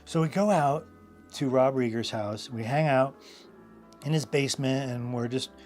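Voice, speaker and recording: A man's voice: mid-range voice, normal speed, darkish tone, faint music behind. A man hosting a live drawing stream, telling casual stories in a loose, rambling way full of fillers and asides. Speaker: host and illustrator.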